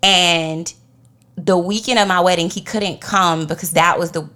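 A woman co-hosting a faith podcast, telling a personal story with lively acted-out quotes. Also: on the low side, measured pace. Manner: animated storytelling, acts out quotes. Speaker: podcast co-host.

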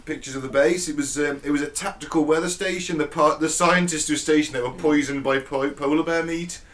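Slightly high-voiced hesitant man. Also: steady tone, brisk, fairly bright tone. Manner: hesitant, many ums, self-deprecating. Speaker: podcast co-host. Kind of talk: casual chat, reading out news stories.

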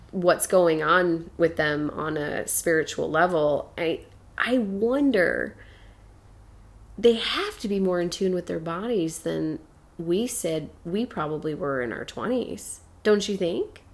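Woman, thirties, podcast co-host; slightly gravelly voice, animated storyteller who acts out the people she talks about. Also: lowish voice. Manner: animated storytelling, acts out her son's lines, laughs often. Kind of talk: casual chat.

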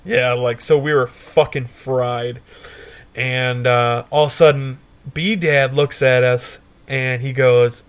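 A young man co-hosting a podcast, telling a stoner story in a profane, animated way and laughing often. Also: mid-range voice, takes it slowly. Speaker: podcast co-host. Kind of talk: casual storytelling chat.

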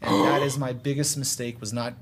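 A young man casually telling a long story among friends, animated and laid-back, with drawn-out asides. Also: medium pitch, slight background noise. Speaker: guest storyteller.

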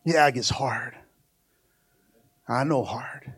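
A middle-aged male pastor preaching a sermon to his church, swinging from shouted exhortation to a quiet, close tone. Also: medium pitch, slow pace, slightly rough. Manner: preaching with rising shouts, then dropping to a hushed, intimate tone. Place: church sanctuary.

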